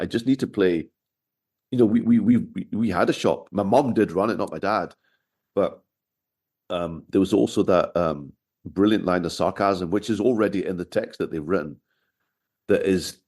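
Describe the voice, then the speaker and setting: A man's voice: low-pitched, darkish tone. A middle-aged man, a podcast guest telling wry anecdotes in casual interview chat. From Scotland, raised in Glasgow.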